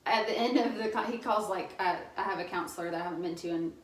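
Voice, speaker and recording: A woman's voice: lowish voice, fast, slight background noise. A woman in her thirties, a podcast guest, telling stories in a chatty way and laughing often. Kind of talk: casual podcast chat. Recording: roomy sound, mic at a distance.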